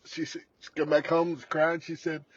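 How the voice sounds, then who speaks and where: A man's voice: on the high side, completely flat delivery, moderate pace, breathy edge, no echo, dull audio. An older man hosting a casual morning livestream, folksy and teasing, laughing often as he talks. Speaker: host. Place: pickup truck.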